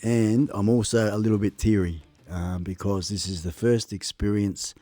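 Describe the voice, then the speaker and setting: A man hosting a casual live stream, excitable and laughing as he plays music and gives shout-outs to viewers from his home studio. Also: fairly low pitch, moderate pace, dry recording. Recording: music playing behind.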